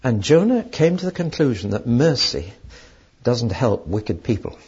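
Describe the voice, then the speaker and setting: A male preacher delivers a sermon in a raspy, husky voice, asking rhetorical questions as he goes. His pitch swings lively up and down. The recording sounds dull and lo-fi. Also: unhurried.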